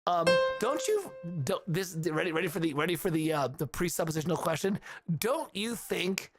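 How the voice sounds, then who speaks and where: Man, livestream host, lively up-and-down voice, laughs a lot, hums tunes, faint music behind. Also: high-pitched, normal speed. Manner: animated, laughs often, sings melodies aloud. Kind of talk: casual livestream commentary.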